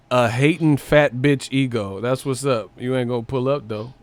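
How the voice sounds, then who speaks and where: A man's voice: mid-range voice, unhurried, no echo. A man hosting a boxing live stream, joking and swearing casually and mimicking other people's voices.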